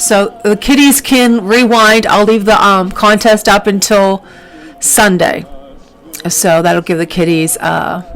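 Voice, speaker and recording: A woman's voice: on the low side, poor audio. A woman author reading her children's book aloud, with chatty asides. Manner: chatty asides, laughs often.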